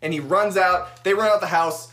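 A young man co-hosting a podcast, casually recapping an episode with profane, animated storytelling. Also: high voice, normal speed, faint music behind. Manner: profane, animated retelling with acted-out quotes. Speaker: podcast co-host.

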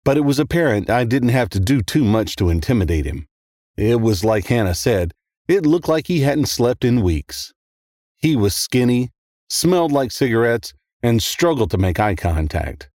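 A man narrating a first-person horror story in a steady, measured way. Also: medium pitch, no echo, clean studio sound.

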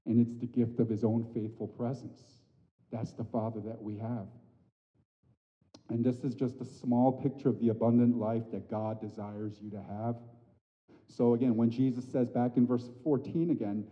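Animated preacher in a reverberant church. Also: male voice, mid-range voice, normal speed, pauses often. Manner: animated, swings from loud emphatic peaks to soft hushed lines. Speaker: pastor. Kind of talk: sermon. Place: church sanctuary. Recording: dull audio with long hall reverb.

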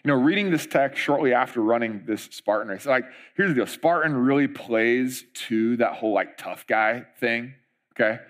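A middle-aged man preaching a sermon as pastor, conversational and animated, with frequent asides. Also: mid-range voice, normal speed.

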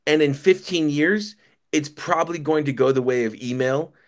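Animated man telling a story. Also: on the high side, moderate pace. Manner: animated storytelling, some stammered restarts. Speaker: podcast guest, company founder. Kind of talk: casual podcast interview.

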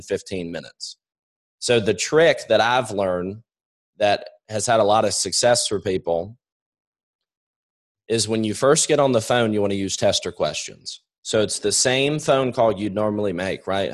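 A man's voice: on the low side, normal speed. A young man coaching a sales team on a webinar. He talks in a direct way, repeats his points and acts out both sides of phone calls. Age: young adult.

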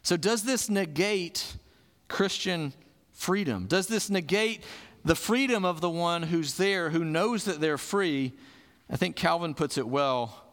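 A man's voice: fairly high pitch, slow, a bit bright. A male pastor preaching a conversational sermon, asking questions and answering them himself. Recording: long hall reverb.

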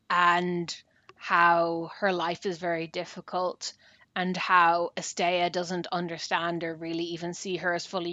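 A woman's voice: lowish voice, a bit bright, no echo, highs cut off. A woman co-hosting a casual book talk, retelling a story at length with fillers. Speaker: book podcast co-host.

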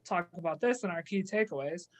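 A woman's voice: on the low side, fairly quick, rough recording. A woman co-hosting a casual podcast, recapping a TV episode and acting out the characters' lines as she goes. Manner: animated storyteller, acts out quotes. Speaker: podcast co-host.

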